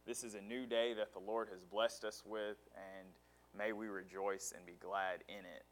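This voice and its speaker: A man's voice: lowish voice, level tone, normal speed. A male pastor preaching a sermon, retelling a story dramatically and stressing words in emphatic lists.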